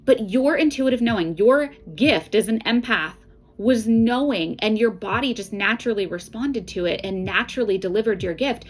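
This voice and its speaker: A woman's voice: fairly high pitch, normal speed, slightly rough, low-quality recording. A middle-aged woman, an intuitive card reader, talking in a casual, earnest way and often checking in with "right?" and "okay?". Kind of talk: casual spiritual guidance talk.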